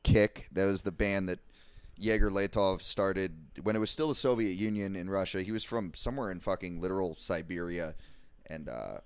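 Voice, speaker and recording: A man's voice: low-pitched, moderate pace, clean tone, dry recording. A man co-hosting a podcast, talking casually and enthusiastically about music with lots of swearing and rambling asides. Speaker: podcast co-host. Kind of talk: casual chat.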